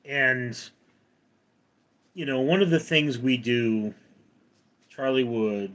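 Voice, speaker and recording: Slow-paced and a bit bright, the medium-pitched voice belongs to a livestream host in his forties. He wanders from topic to topic while reading out viewer comments and replying to them.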